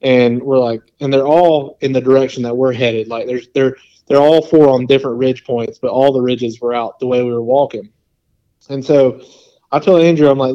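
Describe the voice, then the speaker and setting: Male podcast guest, mid-pitched, casual storyteller who rambles with lots of fillers, slightly muffled audio. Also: normal speed. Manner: rambling and animated, full of "like" and quoted asides.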